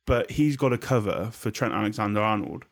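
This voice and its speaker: A man's voice: lowish voice, a little fast. Young man, casual and sweary. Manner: restarts often, swears, thinks out loud. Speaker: podcast co-host. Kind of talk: casual football chat.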